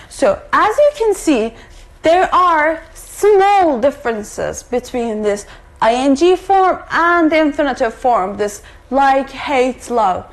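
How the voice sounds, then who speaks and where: A woman's voice: sits high, darkish tone. A woman teaching an English grammar lesson for distance learning, explaining patiently and repeating each example, with "okay?" check-ins.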